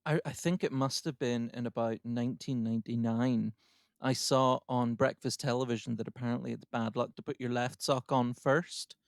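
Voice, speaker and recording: A man's voice: mid-range voice, steady tone, moderate pace, gravelly, no echo. A man hosts a podcast in a dry, close-miked studio sound. His casual chat is wry and self-mocking, and he laughs often. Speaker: podcast host.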